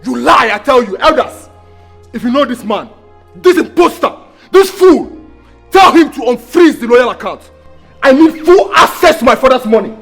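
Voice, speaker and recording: Furious, spoiled princess. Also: female voice, high-pitched, lively intonation, moderate pace, husky, faint music behind, exaggerated voice. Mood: indignant. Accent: Nigerian. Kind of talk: film acting.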